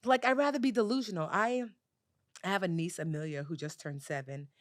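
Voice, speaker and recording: A woman being interviewed as a personal finance expert, telling lively stories in casual chat with lots of fillers. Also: fairly low pitch, a little fast, dry recording, studio quality. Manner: animated, lively storyteller with many "like"s.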